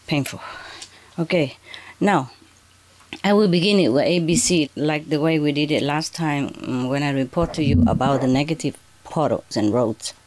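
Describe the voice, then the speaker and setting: A woman spiritual teacher addressing an audience under bright spotlights, speaking in halting, broken English with frequent "okay" and "huh". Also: deep voice, slight background noise. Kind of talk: addressing an audience from a prepared reading.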